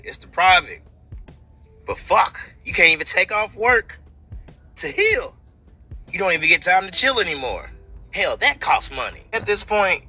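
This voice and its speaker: A man's voice: on the high side, sharp tone. A man venting angrily and cynically, with plenty of swearing. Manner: angry, profane, cynical. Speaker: vlogger. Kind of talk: venting monologue.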